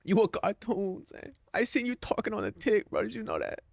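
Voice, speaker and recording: A man's voice: sits high, wildly swooping pitch, a little fast, gravelly, no room sound, clean studio sound, voice pushed up, heavily acted. A man putting on a brash, slangy street voice, hyping someone up. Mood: hyped.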